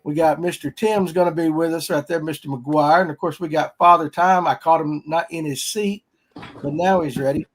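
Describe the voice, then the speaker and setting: A man hosts a casual fishing podcast. His voice sits a little high, and he talks in a folksy, rambling, upbeat way. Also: fairly even intonation, normal speed. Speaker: podcast host.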